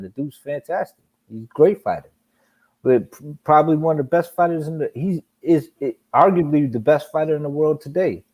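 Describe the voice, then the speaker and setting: A young man hosting a casual boxing chat, animated and profane, often mimicking other people in a raised voice. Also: mid-range voice. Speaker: podcast host.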